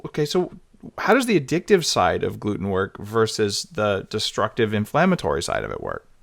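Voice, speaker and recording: A man hosting a podcast interview, chatty and quick to laugh, often restarting his sentences. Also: lowish voice, huge pitch swings, gravelly. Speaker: podcast host.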